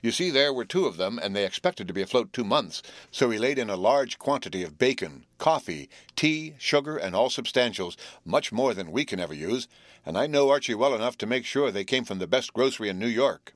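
Steady, earnest teenage boy leader in a storybook, voiced by a man. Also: mid-range voice, fairly quick, dry recording, voice pushed up, natural voice. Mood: explaining. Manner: earnest, explaining.

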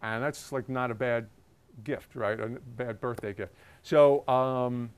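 Man, journalist, casual storytelling, smooth resonant voice, chatty with filler words. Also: mid-range voice, steady tone, unhurried. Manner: chatty, with many ums and uhs. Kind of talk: casual anecdote telling.

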